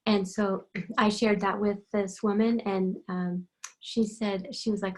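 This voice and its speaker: A woman tells a casual, rambling story, drifting off into side remarks and asides along the way. Her voice sits at a middle pitch and keeps a relaxed, conversational flow. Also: a little slow. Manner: meandering, digressive, lots of asides. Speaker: animal communicator.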